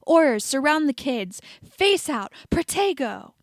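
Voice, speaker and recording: A woman's voice: mid-range voice, normal speed, darkish tone, no echo, clean studio sound, natural voice. A woman reading as a curt female squad leader. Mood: commanding. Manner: curt, commanding.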